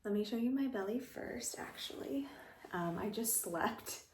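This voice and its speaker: A woman's voice: mid-range voice, normal speed, a little mellow, roomy sound, a little hiss or hum. A young woman chatting casually in a rambling, filler-heavy vlog at home, a little out of breath. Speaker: vlogger. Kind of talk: casual pregnancy vlog chat. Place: room at home.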